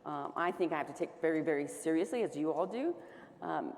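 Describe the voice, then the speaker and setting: Woman governor, lowish voice, chatty anecdotes, reverberant hall. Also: expressive, brisk, creaky, darkish tone. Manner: chatty, storytelling with frequent fillers. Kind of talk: panel discussion. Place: conference stage.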